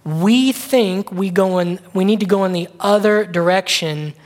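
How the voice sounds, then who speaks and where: A man preaching in a relaxed, conversational way, drifting between asides and anecdotes and slipping into little acted-out scenes. His voice rings with the long reverb of a big church hall. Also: high voice, unhurried. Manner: rambling and chatty, acts out little scenes. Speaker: pastor. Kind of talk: conversational sermon.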